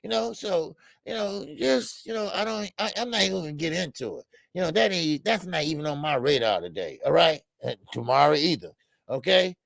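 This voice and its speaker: An older man speaking with a Black accent calls into a casual boxing show, his heavily gravelly, fry-laden voice sitting a little higher than most men's and fairly bright. He talks fairly quickly with lively intonation, rambling loosely and profanely, stacking stammered fillers and chuckling at his own jokes. The recording is dry and close, with no room around it.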